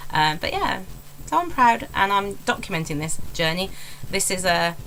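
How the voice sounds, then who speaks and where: A woman's voice: mid-range voice, very animated, moderate pace, a bit bright, slight background noise, low-quality recording. An English woman in her forties, a stand-up comedian, talking candidly and rambling in a casual vlog. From England. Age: 40s. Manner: candid, rambling, self-deprecating.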